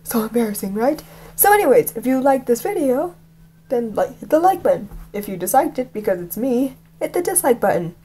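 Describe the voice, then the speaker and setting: Chatty female book reader with a lively pitch and casual, mocking asides. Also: brisk, a little hiss or hum. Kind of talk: reading a novel aloud with asides.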